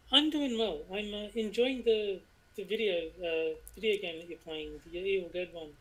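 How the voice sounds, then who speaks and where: A man co-hosting a casual stream chat, easygoing and quick to laugh. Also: sits high, rough recording. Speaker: co-host.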